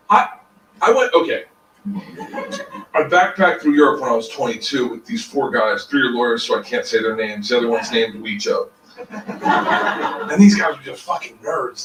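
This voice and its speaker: A man's voice: a little high, fairly bright tone. A man in his thirties doing rambling, self-mocking, profane stand-up comedy. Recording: echoey distant stage recording with noise.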